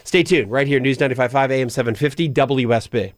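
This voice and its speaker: A fast-talking man with a medium-pitched voice hosts a radio finance call-in show, working from a radio studio on a studio microphone. He gives money advice in a conversational manner, with frequent sentence restarts.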